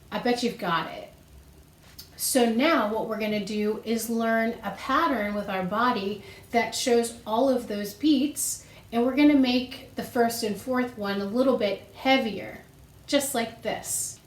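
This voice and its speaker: A woman's voice: on the high side, measured pace, echoey room, a little hiss or hum. A woman music teacher giving a recorded lesson to children, explaining patiently step by step and counting beats aloud.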